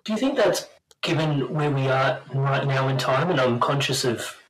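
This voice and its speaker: A man's voice: medium pitch, moderate pace, fairly bright tone, low-quality recording. Male podcast host, mid-range voice, thoughtful and easygoing, faint background noise. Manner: thoughtful questioner, laughs easily. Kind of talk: casual conversational interview.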